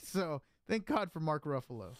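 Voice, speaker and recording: Male podcast host, casual pop culture chat, sarcastic jokes, slightly high voice, dry close mic. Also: sing-song, moderate pace, no room sound. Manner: joking, sarcastic, many fillers.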